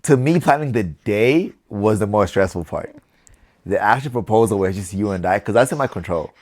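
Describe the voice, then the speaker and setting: A man's voice: fairly low pitch, lively intonation, normal speed, darkish tone. A young man co-hosting a podcast, talking things through thoughtfully in casual chat and often restarting his words. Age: young adult. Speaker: podcast co-host.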